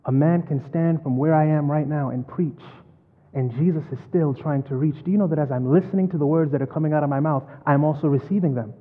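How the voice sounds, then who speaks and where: Male preacher, slightly high, husky voice, long hall reverb; storytelling sermon. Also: steady tone, fairly quick, narrow, tinny audio. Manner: storytelling preacher, dramatic swings from loud to hushed.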